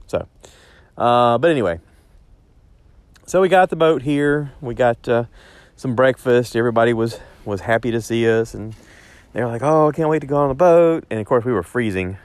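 A man's voice: medium pitch, no echo. A man telling a rambling story in a casual spoken diary, correcting himself as he goes and talking into a phone. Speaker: vlogger.

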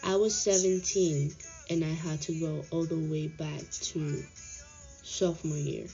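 A young woman, not a native English speaker, tells her story slowly in a low, mellow voice, candid and slangy. The sound is dull and lo-fi, with faint music underneath. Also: fairly even intonation, creaky. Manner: candid, frustrated, slangy retelling. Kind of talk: personal storytelling.

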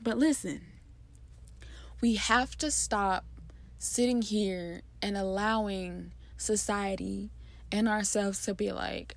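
A woman's voice: medium pitch, steady tone, takes it slowly, gravelly. A woman talking passionately and casually about a poem she wrote, speaking emphatically in bursts with lots of fillers. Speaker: poet explaining her poem. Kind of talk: casual heartfelt monologue.

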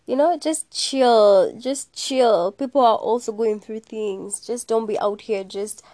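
A woman's voice: a little high, darkish tone, no echo, clean studio sound. A young woman chatting casually and sassily on her podcast, swearing freely and dropping in Swahili words. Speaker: podcast host. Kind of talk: casual solo podcast chat.

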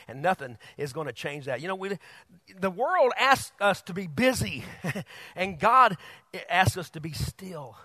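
A male pastor preaching a sermon, animated, laughing often and bursting loud on quoted lines. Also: high voice, no room sound.

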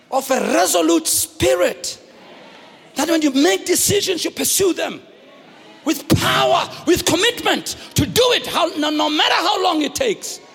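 A middle-aged South African man preaching a lively sermon as a bishop, often shouting and acting out the characters in his stories. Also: very high-pitched, creaky. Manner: animated, often shouting, acts out voices. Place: large church hall. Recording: live church recording with long reverb.

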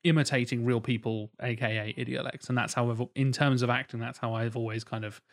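A man co-hosting a podcast in casual chat, explaining his ideas in a measured way and laughing easily. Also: mid-range voice, little pitch movement. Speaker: podcast co-host.

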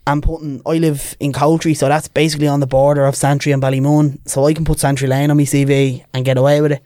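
A man's voice: on the high side, fast, dry recording, studio quality. A young man with a Dublin accent, a podcast guest telling stories in casual chat and putting on voices for the people in them. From Ireland. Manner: lively, animated, puts on voices in anecdotes.

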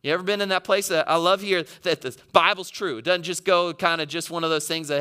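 Male pastor, bright and ringing, clear tone; impassioned sermon delivery that swells to near-shouting. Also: fairly high pitch, fast talker, few pauses. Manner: impassioned, rising to near-shouting when quoting the psalm.

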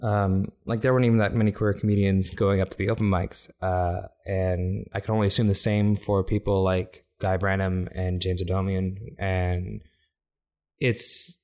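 A man from Africa, a stand-up comedian, talking casually as a guest, animated and laughing often, with many restarts. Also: low voice, moderate pace. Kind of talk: casual conversation.

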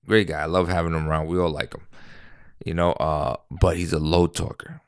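A man in his thirties with a deep voice, talking in a casual, rambling monologue full of fillers and restarts. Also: flat delivery, a little fast, clean tone, no room sound, clean studio sound. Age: 30s. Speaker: vlogger.

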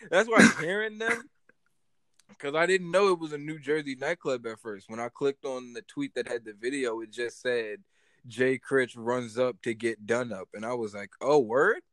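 A man's voice: mid-range voice, moderate pace, fairly bright tone, no echo. A man co-hosting a casual podcast chat, talking animatedly, swearing and repeating himself as he jokes. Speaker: podcast co-host.

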